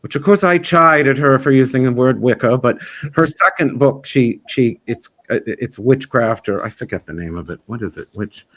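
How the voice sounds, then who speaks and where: A man's voice: medium pitch, normal speed, a bit bright. A man who organizes a festival, chatting in an interview in a rambling, frank and opinionated way. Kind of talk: casual interview chat.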